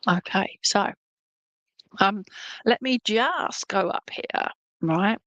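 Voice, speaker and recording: A woman's voice: medium pitch, slow pace, pauses often, a bit bright, dry recording, dull audio. A woman working as a medium, giving a chatty, reassuring clairvoyant reading at a church service and often checking in with her listeners.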